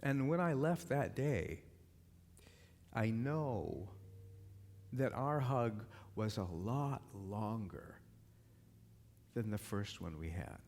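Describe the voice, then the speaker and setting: A man's voice: lowish voice, lively intonation, slow, pauses often, darkish tone. A man preaching as a minister, moving from rousing repeated calls to act into a personal story. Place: church hall. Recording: long reverb of a large hall.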